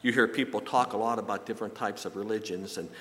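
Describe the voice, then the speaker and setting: A man giving a sermon in a church, telling folksy stories and jokes with halting repeats. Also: fairly low pitch, fairly even intonation, sharp tone. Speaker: pastor. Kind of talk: sermon with anecdotes. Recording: long reverb from a large hall.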